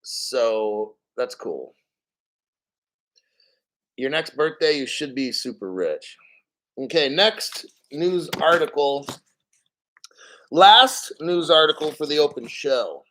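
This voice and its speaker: Crypto stream host, a man in his fifties, slightly high voice, swears freely and rants with sarcasm. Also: expressive, slow pace, pauses often, a bit bright, a little hiss or hum, poor audio. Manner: profane, ranting, sarcastic. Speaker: crypto news show host. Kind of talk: livestream news commentary.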